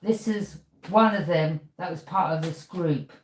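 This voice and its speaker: A woman's voice: on the low side, unhurried, roomy sound, slight background noise. A woman tarot reader, delivering an accusing monologue to camera and throwing out "yeah?" as a challenge.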